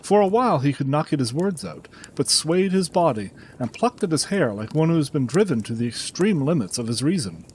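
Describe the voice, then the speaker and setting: Male audiobook narrator, expressive reading, lively pitch, faint background noise. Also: brisk, few pauses, rough recording. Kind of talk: scripted narration of a classic story.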